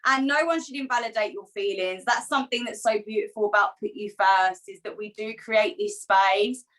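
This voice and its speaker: Bright, affirming woman co-host. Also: medium pitch, moderate pace, poor audio. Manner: affirming and emotional, speaks in loving reassurances. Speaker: co-host of an online women's community call. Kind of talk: supportive group talk. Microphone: video call.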